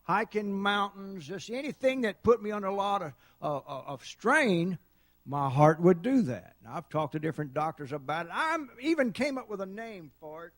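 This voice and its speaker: A middle-aged man preaching a sermon, telling folksy stories and building to loud shouts. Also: sits high, lively intonation, moderate pace, no echo. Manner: folksy storytelling, dramatic swings to loud shouting. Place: church sanctuary.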